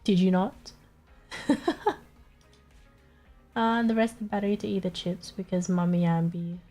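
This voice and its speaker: A woman's voice: medium pitch, fairly even intonation, a little slow, mellow, faint music behind. A young woman streaming live, chatting casually with her chat, swearing and laughing often, her nose blocked so she sounds stuffy.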